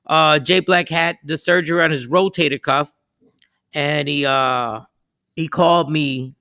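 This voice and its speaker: A man hosting a casual morning talk show, telling stories in an animated, playful, ranting way. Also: fairly high pitch, measured pace, no room sound. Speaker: show host.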